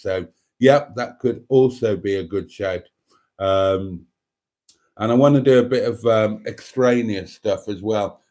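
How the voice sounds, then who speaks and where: A man's voice: lowish voice, warm tone. A middle-aged man hosting a livestream, chatting casually and rambling through jokes and viewer comments with many fillers. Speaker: livestream host.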